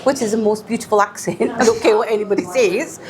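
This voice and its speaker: A Scottish woman hosting a podcast, chatting casually, animated, laughing often and echoing her guest's words. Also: on the high side, quick pace, a crowd in the background. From Scotland. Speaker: podcast host. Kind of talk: casual chat.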